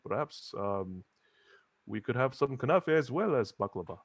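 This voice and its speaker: A man's voice: mid-range voice, animated, normal speed, dry recording. A man doing a brash, cheerful starship pilot. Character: brash risk-taking male starship pilot.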